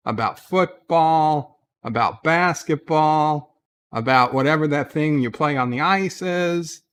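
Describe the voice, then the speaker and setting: A man's voice: on the high side, fairly bright tone, clear, resonant tone. A man hosting a casual livestream who reads out viewer messages and rambles with sardonic asides and frequent restarts. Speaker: livestream host.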